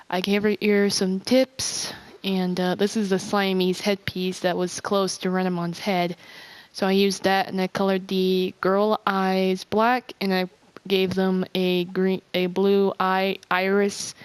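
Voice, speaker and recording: A woman giving casual gameplay commentary for her video, rambling and halting with many restarts. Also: mid-range voice, clean tone, no echo. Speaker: game video creator.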